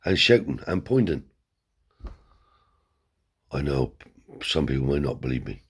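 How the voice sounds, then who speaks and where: Husky deep-voiced man spinning a yarn. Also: unhurried. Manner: blunt, swears heavily, animated yarn-spinning. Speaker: storyteller. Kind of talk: casual spoken storytelling. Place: seated indoors.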